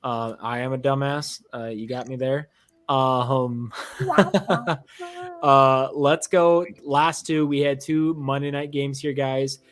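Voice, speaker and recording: This young man hosts a casual sports podcast chat, loose and laughing, with plenty of fillers. He speaks slowly in a mid-range voice with a steady tone.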